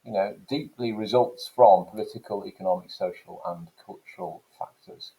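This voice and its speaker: A man teaching an English language lesson, explaining points in a relaxed lecture with frequent "okay" and "so" fillers. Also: lowish voice, moderate pace, creaky, low-quality recording. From England. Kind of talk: classroom lecture.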